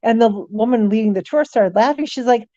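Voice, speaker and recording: A middle-aged woman, a guest on an interview show, telling lively stories, voicing animals' thoughts and dropping frequent ums. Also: fairly high pitch, a little fast, no echo, lo-fi sound. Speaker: guest, paranormal author. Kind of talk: casual storytelling interview.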